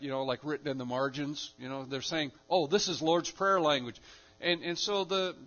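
A man's voice: fairly high pitch, pushed and bright, lo-fi sound. A man preaching a sermon in an emphatic style, often repeating and restarting his phrases. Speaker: pastor.

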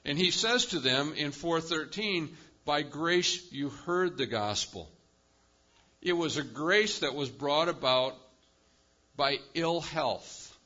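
A man preaching a sermon with a bright, forceful voice, pitched a little high for a man. He lurches from loud, raised declarations to low, quiet asides. The recording sounds dull and lo-fi. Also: takes it slowly. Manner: emphatic, animated preaching with sudden rises and quiet drops. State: lives with chronic pain. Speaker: pastor.

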